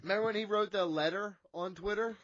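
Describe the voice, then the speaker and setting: Guy cohosting a wrestling podcast, high voice, swears a lot, dull dry sound. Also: fast, fairly bright tone, no echo. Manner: joking, profane, teasing. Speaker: podcast co-host. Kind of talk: casual wrestling chat.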